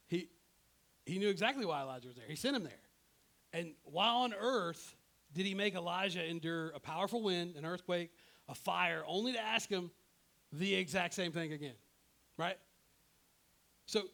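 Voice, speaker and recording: A man preaching with a slightly high voice. He talks to his listeners as if in conversation and slips into the people of his story, often checking in with a quick "right?". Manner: animated, acts out characters in his own voice. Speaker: pastor. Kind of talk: sermon.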